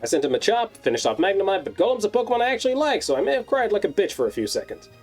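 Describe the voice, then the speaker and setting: A man narrating a scripted game recap as the video's host, with a sarcastic, wry tone and quick asides. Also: high-pitched, very animated. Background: faint background music.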